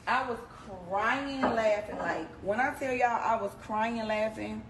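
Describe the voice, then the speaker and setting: A woman telling a personal story in a casual, animated, slangy way, addressing her listeners directly. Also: a little high, unhurried. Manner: animated, slangy, talks straight to the audience. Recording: background noise under the voice.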